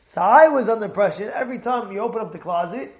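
High-voiced animated male Torah teacher. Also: quick pace. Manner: animated storyteller, repeats words, laughs often. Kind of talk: informal Torah class.

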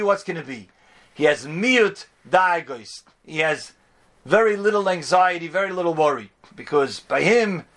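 A man's voice: a little high, fairly bright tone. A man teaching a religious lecture, repeating points emphatically and using Hebrew and Yiddish terms. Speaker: Torah teacher.

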